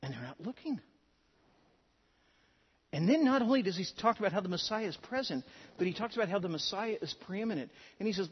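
Pastor, male, higher voice, delivering a sermon with dramatic emphasis; muffled, lo-fi recording. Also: lively intonation, fairly quick, pauses often, husky. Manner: earnest preaching with dramatic emphasis. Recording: dull sound with long hall reverb.

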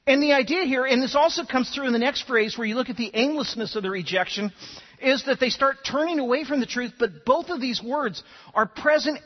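High husky guy preaching, animated, echoey hall, kinda muffled. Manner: animated storytelling, repeats words when starting. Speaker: pastor. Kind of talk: sermon.

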